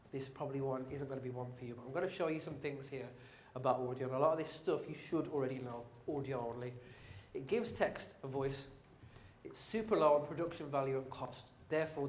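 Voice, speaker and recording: A man with a Brummie accent works the room, upbeat and joking as he talks to the crowd directly. His voice sits at a middle pitch. It carries with the roomy echo of a conference hall, with faint ambience underneath. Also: slight background noise. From England. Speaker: conference speaker. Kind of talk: live marketing talk.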